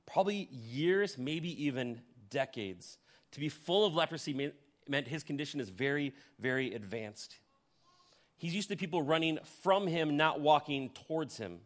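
A man with a fairly high voice preaching a sermon to his congregation. He paints the scene like a storyteller and throws questions to his listeners. His volume swings from strong emphasis down to hushed, almost whispered lines. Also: expressive, normal speed. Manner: addresses the congregation directly with questions. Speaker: pastor.

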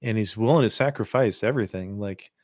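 A man's voice: fairly low pitch, a little fast, no room sound, studio quality. A man co-hosting a church podcast, reflecting casually on faith with joking asides. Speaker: podcast co-host.

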